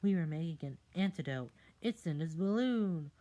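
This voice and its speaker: A reader voicing an eager little kitten boy hero in a storybook reading, excited and slangy. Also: medium pitch, normal speed, voice pushed up, natural voice. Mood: explaining.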